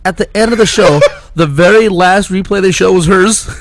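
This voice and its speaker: A man's voice: sits high, moderate pace, no room sound. Laughing, rambling podcast host man. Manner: rambling storyteller, laughs often, full of "like" and "dude". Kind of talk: casual chat.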